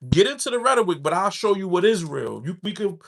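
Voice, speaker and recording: A middle-aged man with a high voice speaks his mind in a loose, street-inflected way. He keeps circling back and repeating key phrases to drive his point home, as if preaching in casual talk. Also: fast talker, creaky. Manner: animated, street-inflected, repeats himself for emphasis. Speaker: podcast host.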